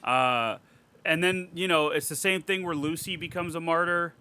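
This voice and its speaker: A man's voice: a little high, normal speed, pushed and bright, smooth. A young man co-hosting a casual podcast film review, ranting animatedly with plenty of profanity and laughter. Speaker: podcast co-host.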